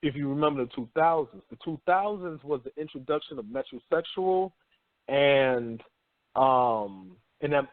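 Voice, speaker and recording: A man's voice: mid-range voice, no room sound. A man hosting a talk radio show, rambling through a profane, slangy monologue and acting out people in mock voices. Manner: animated storytelling with mock quoted voices. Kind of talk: casual monologue. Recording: tinny phone-line audio.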